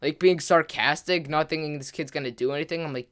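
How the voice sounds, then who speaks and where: A man's voice: a little high, fast, a bit bright. A man, a gaming vlogger, telling a story to camera in a rambling way, full of "like" fillers and restarts.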